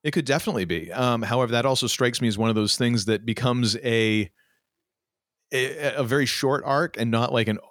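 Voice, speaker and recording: A man co-hosting a podcast, talking casually and ranting with animated restarts and mock voices. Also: medium pitch, a little fast, no echo, studio quality. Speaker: podcast co-host. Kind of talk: casual chat.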